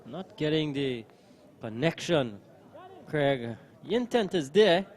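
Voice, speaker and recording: A man giving measured live ball-by-ball cricket commentary. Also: a little high, animated. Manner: measured, calling each ball.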